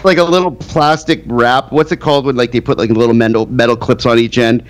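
A man's voice: medium pitch, steady tone, brisk. A man co-hosting a podcast in casual chat, teasing his friends and swearing freely. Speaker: podcast co-host.

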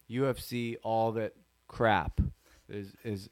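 A man's voice: on the low side, fairly even intonation, slow. A man chatting casually as podcast host, blunt and emphatic. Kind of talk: casual chat.

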